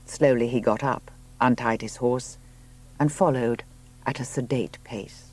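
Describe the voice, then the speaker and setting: A man reading a novel aloud as audiobook narrator, in a measured way. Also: mid-range voice, steady tone, darkish tone. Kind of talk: scripted narration.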